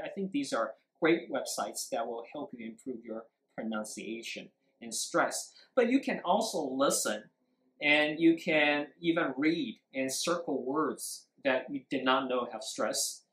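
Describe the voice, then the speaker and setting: During a live-streamed speaking class, an emphatic English teacher explains intonation, using examples to show stress and briefly explaining in Mandarin. The mid-range voice has a fairly bright tone, and the room echoes.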